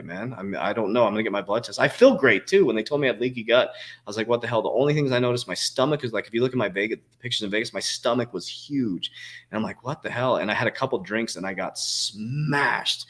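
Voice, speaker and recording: Rambling, profane man in his forties, fairly low voice. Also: fairly bright tone. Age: 40s. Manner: rambling, profane, frequent fillers and restarts. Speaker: crypto coach answering viewer questions. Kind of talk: casual livestream Q&A.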